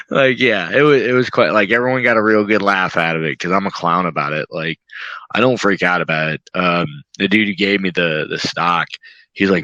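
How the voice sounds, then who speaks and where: A young man talking casually as a podcast guest, laughing often and acting out his own reactions with quick voices. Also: low-pitched, pushed and bright, no echo, poor audio. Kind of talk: casual chat.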